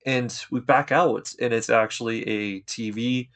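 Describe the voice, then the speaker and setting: A man talks through an anime episode in a relaxed, chatty way. He drops slang and retells each scene with easy enthusiasm, in a voice of ordinary middle pitch. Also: unhurried. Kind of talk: casual episode recap.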